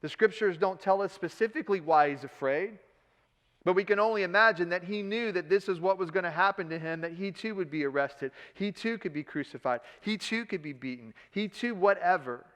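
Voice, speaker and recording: High-voiced pastor preaching in a hall. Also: male voice, a little fast. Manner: animated, acts out Peter's lines in a casual modern voice; repeats words when excited. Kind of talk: sermon. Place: church sanctuary.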